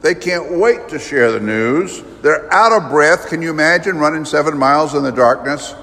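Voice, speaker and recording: A man preaching a sermon, telling a story vividly with emphatic rises and dramatic pauses. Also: fairly high pitch, animated, a bit bright. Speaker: priest. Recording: long reverb of a large church.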